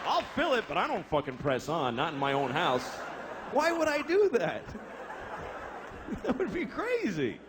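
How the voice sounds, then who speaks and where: On stage at a live comedy show, a man with a high voice and huge pitch swings takes his time, pausing often. His profane, exasperated storytelling draws crowd laughter, and the background is noisy.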